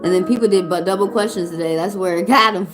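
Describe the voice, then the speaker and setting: A woman's voice: mid-range voice, fast talker, soft background music. A woman with a Southern accent giving casual livestream tarot readings, chatty and loose, swearing now and then. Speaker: tarot reader.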